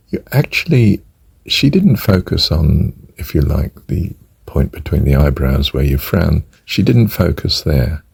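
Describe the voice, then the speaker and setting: Older male breathwork teacher, very deep and raspy, dry close recording, softly whispered counting. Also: no room sound. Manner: soft-spoken, drifts into whispered counting. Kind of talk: spoken meditation instruction.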